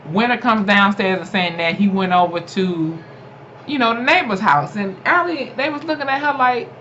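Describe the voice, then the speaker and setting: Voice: medium pitch, moderate pace. Chatty laughing recap voice, lo-fi. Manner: chatty and animated, laughing often, many fillers. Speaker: TV episode reviewer. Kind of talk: casual spoken episode recap. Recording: dull lo-fi home recording with faint noise.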